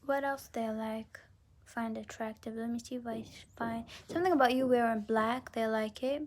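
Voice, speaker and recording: A woman giving a casual pick-a-card reading, talking haltingly with lots of restarts and often slipping into a whisper. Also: fairly high pitch, fairly even intonation, slight background noise. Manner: often drops into a whisper mid-sentence. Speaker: tarot card reader.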